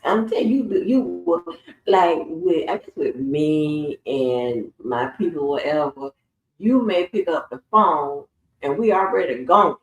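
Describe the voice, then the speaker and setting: A woman with a deep voice hosts a casual livestream, laughing and cursing as she tells stories. Her intonation is lively and her pace unhurried, and the lo-fi sound is roomy and distant from the mic.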